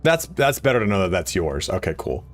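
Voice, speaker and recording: A man chatting casually while live-streaming a game, excitable and swearing, his voice jumping up high when he gets worked up. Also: a little fast.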